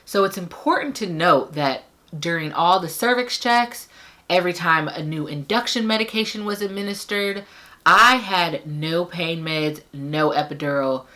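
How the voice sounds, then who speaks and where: A young woman vlogger casually telling her birth story to camera, animated and acting out the people she quotes. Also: normal speed. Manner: animated, acts out quoted voices with big pitch jumps. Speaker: parenting vlogger.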